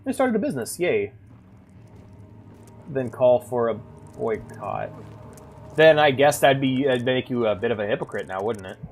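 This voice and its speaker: A young man streaming a horror game rambles to his viewers, his talk peppered with likes and restarts. His mid-range voice is very animated at a moderate pace, broken by long pauses, with slight background noise.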